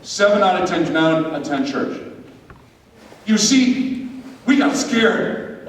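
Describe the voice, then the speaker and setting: A man preaching to a crowd, then running a silly skit with volunteers in an energetic, joking way. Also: sits high, takes it slowly, long pauses. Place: large hall with an audience. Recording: echoey hall from far off, noisy.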